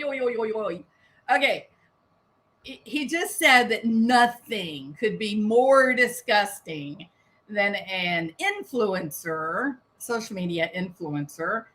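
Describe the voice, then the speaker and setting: A woman's voice: fairly high pitch, bright, forceful tone. A woman giving sarcastic, indignant commentary on a press conference, firing off rhetorical questions.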